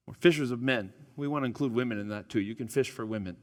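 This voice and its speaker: A man's voice: medium pitch, fast talker, hardly any pauses. A man preaching as a pastor to a church congregation, casual and joking, with frequent stumbles and restarts. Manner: chatty and self-deprecating, stumbles and restarts. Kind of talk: casual, joking sermon opening. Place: church sanctuary. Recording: long hall reverb in a church.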